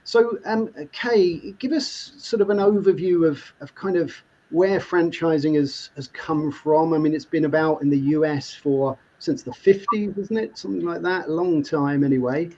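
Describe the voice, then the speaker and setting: A man's voice: on the high side, normal speed, a little mellow. A man hosting a live online show, welcoming guests and reading viewer comments with frequent laughter. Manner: reads viewer comments aloud, laughs often. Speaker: host. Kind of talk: upbeat live show chat. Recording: muffled lo-fi online stream audio.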